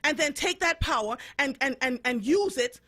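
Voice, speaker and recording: A woman's voice: sits high, animated, normal speed, a bit bright. A woman from Jamaica hosting a radio show, giving an impassioned, emphatic monologue and repeating points for emphasis. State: fed up. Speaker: radio host.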